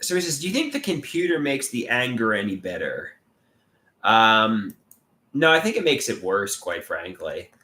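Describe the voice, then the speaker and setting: A man hosting a casual livestream and reading out chat comments. He talks haltingly, with restarts, and sounds frustrated and glum. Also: lowish voice, big pitch swings, bright, forceful tone. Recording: echoey room.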